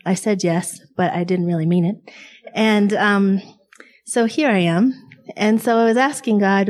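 A woman's voice: medium pitch, darkish tone. A woman with a mid-range voice tells a casual faith story. Her tone is wry and conversational, with dry asides. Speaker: guest speaker in an online faith group.

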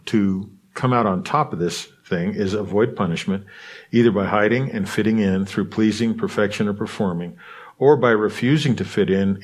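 A man hosting a podcast, explaining a book's ideas in a relaxed teaching talk, often restarting phrases and checking in with his listeners. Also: lowish voice. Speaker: podcast host. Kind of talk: casual teaching talk, reading a book aloud.

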